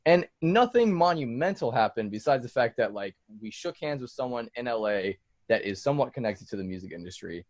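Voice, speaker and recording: A man talks as a music producer guest in a casual podcast, his voice pitched in the ordinary male middle. He rambles through anecdotes full of "like," "dude" and swearing. The recording is close and dry, with no room sound. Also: very animated, brisk, hardly any pauses, darkish tone, dry recording. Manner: loose storytelling, swears freely, fillers like "like" and "dude".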